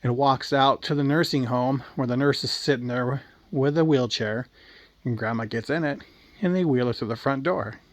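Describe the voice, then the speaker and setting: A man's voice: mid-range voice, normal speed, no echo. A man narrating a crude, darkly comic story in a casual, offhand way.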